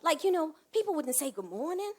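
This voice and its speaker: A woman performing a comic one-woman stage monologue, animated, swinging from hushed asides to loud bursts. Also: high-pitched, fairly quick.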